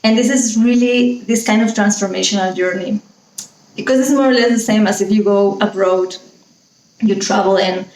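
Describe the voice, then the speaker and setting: Woman, Spanish accent, pronunciation coach, enthusiastic, mid pitch, roomy sound. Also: normal speed, a little mellow. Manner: enthusiastic, rambling with many fillers. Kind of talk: teaching monologue.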